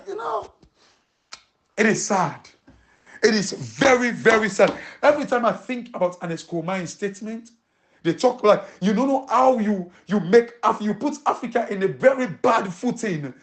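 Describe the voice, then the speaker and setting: A woman's voice: fairly high pitch, darkish tone. A woman from Sierra Leone with a Krio accent, giving emphatic political commentary full of rhetorical questions and switching between Krio and English.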